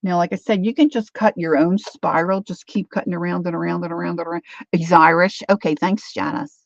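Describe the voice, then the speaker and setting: A woman's voice: fairly low pitch, steady tone, brisk, creaky, dry recording, dull audio. A woman hosting a craft livestream, rambling chattily through a demo and answering viewer comments.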